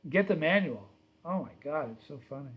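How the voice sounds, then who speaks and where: Middle-aged male stream host, a bit higher-pitched, loose rambling storyteller who chats with viewers. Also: animated, brisk, muffled recording. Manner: rambling, reads viewer comments aloud; storytelling, self-correcting. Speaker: livestream host. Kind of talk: casual livestream chat.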